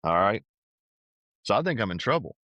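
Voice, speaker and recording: A man's voice: fairly low pitch, big pitch swings, normal speed, pushed and bright, dry recording, lo-fi sound. A man being interviewed on a podcast, telling a personal story in a casual, earnest way and often saying "dude" and "man". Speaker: podcast guest, powerlifter.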